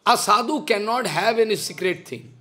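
A man's voice: sits high, expressive, normal speed, bright, forceful tone. Impassioned older man scolding in a lecture. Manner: impassioned, scolding, repeats rhetorical questions. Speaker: spiritual teacher. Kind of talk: devotional lecture.

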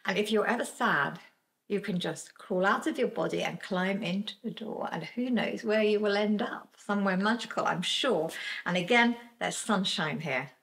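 A woman's voice: medium pitch, moderate pace, vocal fry, a bit bright. Gushing woman reviewing clothes. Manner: gushing, playful, talks straight to viewers. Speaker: fashion vlogger. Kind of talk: chatty clothing try-on review. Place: outdoors in a garden with a picnic.

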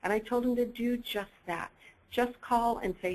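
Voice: medium pitch, fairly even intonation, moderate pace, rough recording. A presenter giving an upbeat sales training webinar, coaching listeners directly and acting out bits of dialogue.

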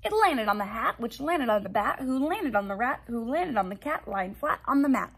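Teacher lady reading a kids book out loud, high lively voice, bit breathy. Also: moderate pace. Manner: sing-song, expressive storytelling. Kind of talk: reading a children's picture book aloud.

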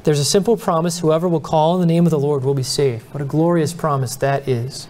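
A man's voice: fairly high pitch, steady tone, a little fast, darkish tone. A male pastor teaching a Bible study in an earnest, conversational preaching style, acting out the people he describes. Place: church.

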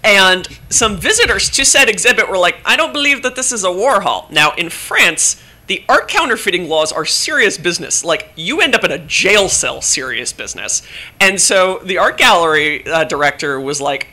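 Bright-voiced woman, chatty panelist. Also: fairly low pitch, moderate pace. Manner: chatty, animated storytelling with frequent fillers. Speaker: convention panelist and moderator. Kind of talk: casual panel discussion. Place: convention panel room.

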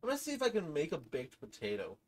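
A woman giving casual gameplay commentary, rambling from low mumbles to excited shrieks and talking to the game's items. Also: quick pace. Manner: talks to game items, swears casually. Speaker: gaming channel host.

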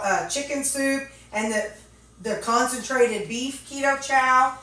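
A woman's voice: fairly high pitch, fairly bright tone. Chatty woman in an echoey kitchen. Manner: chatty, thinking aloud, many fillers. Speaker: vlogger. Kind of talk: casual chat while organizing. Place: home kitchen. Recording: very echoey room, mic at a distance.

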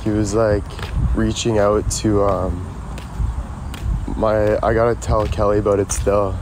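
Male streamer, low voice, rambling and profane, recorded on a phone outside with loud street noise. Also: measured pace. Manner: profane, excitable, talks to chat. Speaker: livestreamer. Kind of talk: casual live stream chat. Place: outdoors near a road.

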